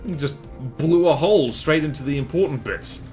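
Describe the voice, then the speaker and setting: A male game streamer with a lively, bouncing voice that rises and falls a great deal. He rambles through his opinions while reacting to the fights on screen and chatting with his viewers. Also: a little high, moderate pace, faint music behind.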